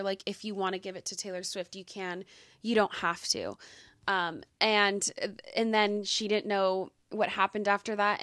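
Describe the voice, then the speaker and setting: Chatting casually on her podcast, a young woman gushes with enthusiasm and uses lots of fillers in her commentary. Her mid-range voice is a bit bright, and there's no echo.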